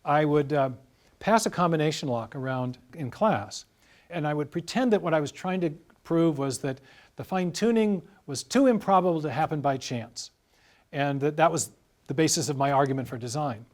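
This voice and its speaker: A man as an interview guest, explaining carefully in a measured, lecturing way with worked examples. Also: fairly high pitch. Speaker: guest scientist.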